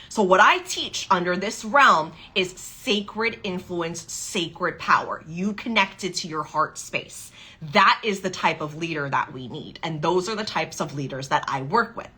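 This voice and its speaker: A woman's voice: medium pitch, bright, forceful tone, breathy edge. A woman giving a motivational coaching talk on sales and money, emphatic and fond of acting out inner doubts in quoted voices.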